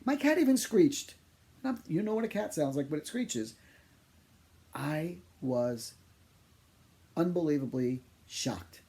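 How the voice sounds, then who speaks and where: A man working as a psychic medium, telling funny personal stories in an animated, exaggerating way. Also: fairly high pitch, unhurried, vocal fry. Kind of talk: humorous personal storytelling.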